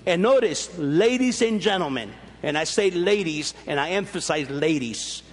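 A man's voice: expressive, normal speed, few pauses, in a large hall. A man preaching a sermon as pastor, swinging his voice up and down as he explains scripture. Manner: preaching with sweeping rises and drops in pitch.

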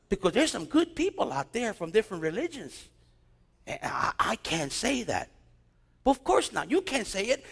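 Male pastor, animated preaching, high lively voice, long reverb of a big hall. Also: vocal fry, breathy edge. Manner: animated preaching with storytelling asides. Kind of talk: sermon.

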